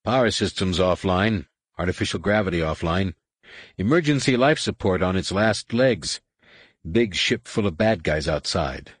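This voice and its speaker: A man doing a wry, gruff pilot. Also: deep voice, animated, normal speed, no room sound. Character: wry middle-aged male pilot, gruff joker.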